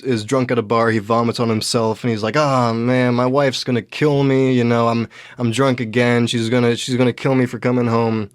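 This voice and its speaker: A young man hosting a podcast, telling a rambling story with lots of restarts and animated bits. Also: medium pitch, dry recording. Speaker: podcast host. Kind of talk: casual storytelling monologue.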